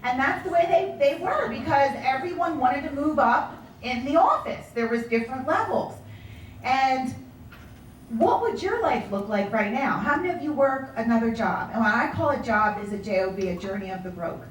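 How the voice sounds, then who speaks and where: A woman sales director telling her story in a motivational speech, animated and acting out the voices of people she quotes. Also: high voice, normal speed, a little hiss or hum. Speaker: sales director giving a talk. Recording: echoey room from far off.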